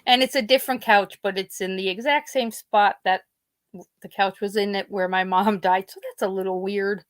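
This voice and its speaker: A woman's voice: mid-range voice, fairly even intonation, normal speed, no echo. Chatty woman telling family stories. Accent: Pennsylvania. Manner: rambling storytelling, acts out quoted family members. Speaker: podcast host. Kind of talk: casual chat.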